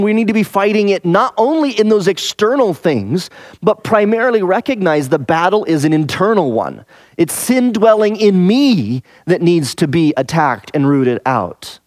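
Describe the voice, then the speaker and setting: Male Bible teacher, fairly high voice, dry close sound; conversational, leans on rhetorical questions and repeated key phrases. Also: no room sound.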